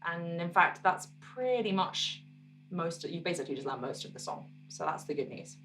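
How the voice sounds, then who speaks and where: A woman musician teaching her own song on guitar, explaining parts in a relaxed, encouraging way and counting beats aloud. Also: on the low side, moderate pace, distant mic.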